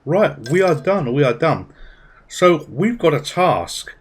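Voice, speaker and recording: A man's voice: on the high side, slow pace, slightly rough. Man casually talking through a game. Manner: relaxed, thinking aloud, chatty asides. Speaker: gaming channel host. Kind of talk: casual gameplay commentary.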